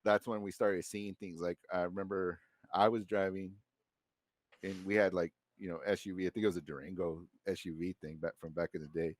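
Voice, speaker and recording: Male podcast guest, deep voice, laid-back storyteller who rambles with slang. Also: flat delivery, fairly quick, no echo, clean studio sound. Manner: loose and rambling, heavy slang and swearing. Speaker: podcast guest, former Marine. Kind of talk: casual storytelling.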